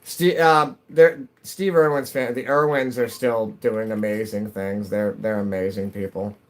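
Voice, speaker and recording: A man's voice: fairly low pitch, steady tone, measured pace. Rambling middle-aged man streaming a game. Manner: rambling, self-interrupting, chatty. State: slightly stuffy nose. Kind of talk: casual chat while gaming. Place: at home.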